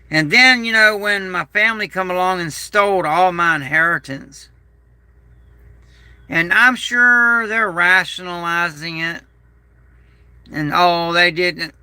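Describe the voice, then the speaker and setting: Male prepper vlogger, gravelly and sharp-edged, slow and bitter, dry close sound. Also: fairly high pitch, no echo. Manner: aggrieved, bitter, repeats himself. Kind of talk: rambling personal monologue.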